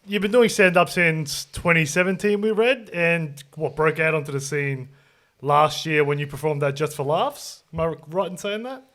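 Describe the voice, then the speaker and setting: Brighter-pitched male podcast host. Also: moderate pace. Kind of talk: casual podcast interview.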